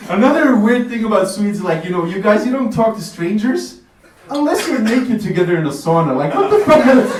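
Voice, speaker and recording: Laid-back man doing stand-up, distant and roomy. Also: sits high. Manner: laid-back, swearing, frequent fillers. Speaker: stand-up comedian. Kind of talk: stand-up comedy set. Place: café stage with audience. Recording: roomy, distant, noisy room recording.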